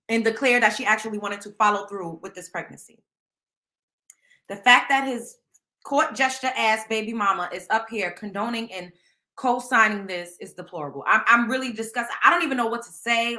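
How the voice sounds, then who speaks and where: A woman's voice: on the high side, sharp tone. A woman with a Southern US accent hosting a casual live stream, talking bluntly and emphatically in slang and speaking straight to her viewers. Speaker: host.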